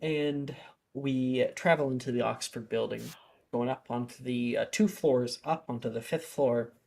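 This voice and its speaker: A woman's voice: extremely low pitch, a little slow, vocal fry, a little mellow. A woman narrating as game master in casual, giggly style.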